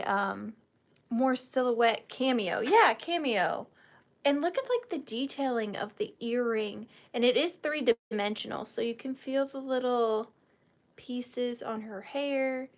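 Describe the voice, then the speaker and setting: A woman chats through an online auction, playful and self-mocking as she shows each item and counts down the bids. Her voice sits a little high, and she takes her time. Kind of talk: live auction chat.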